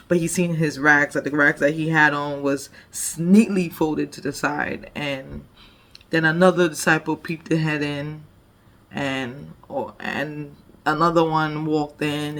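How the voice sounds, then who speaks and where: A woman leading a devotion, retelling a Bible story conversationally with frequent "like" and "you know". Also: low voice. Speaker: devotion leader.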